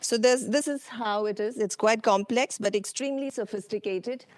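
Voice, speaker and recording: A woman with an Indian English accent presenting a lecture with slides, unhurried, with many ums and uhs and questions to the audience. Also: fairly high pitch, dry recording. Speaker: workshop speaker. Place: conference hall.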